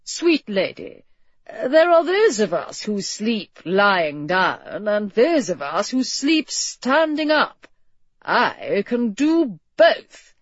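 A woman's voice: medium pitch, very animated, slow, dry recording, highs cut off. A woman voicing a tipsy young lord and nervous new husband in a storybook reading, talking in a boisterous, rambling way.

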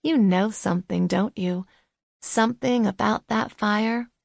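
A persistent, probing young woman, voiced by the audiobook narrator, asking question after question in a lifted, earnest voice. She holds steady and never lets the point drop. The sound is dry and close. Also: medium pitch, measured pace, gravelly, no room sound. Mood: insistent.

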